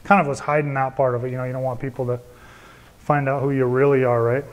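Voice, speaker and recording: A man in his thirties, an evangelist, earnestly giving his personal testimony to a group, often dropping to quieter confessional asides. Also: medium pitch, flat delivery, fast talker.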